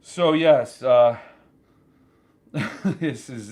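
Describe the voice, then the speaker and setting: A man hosting his own channel, telling a story in an animated, joking casual chat. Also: on the high side, unhurried. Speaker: channel host.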